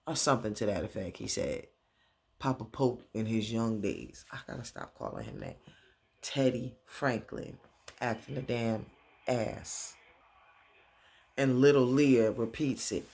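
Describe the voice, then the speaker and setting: A man's voice: mid-range voice, animated, normal speed, gravelly. A man casually recapping a TV episode, rambling along with many fillers and restarts. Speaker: TV recap vlogger.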